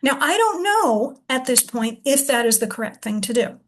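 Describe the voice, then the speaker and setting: A woman's voice: sits high, big pitch swings, moderate pace, a little hiss or hum. A woman reading teacher thinking aloud as she shows how to split a long word into syllables and sound out each one. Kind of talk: demonstration lesson.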